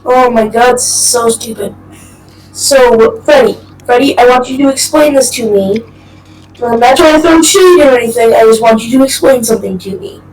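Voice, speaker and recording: A woman bantering in a role-play game, incredulous and exasperated, her pitch a touch high. She sounds far from the mic in an echoey room, with faint music behind her. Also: normal speed, darkish tone.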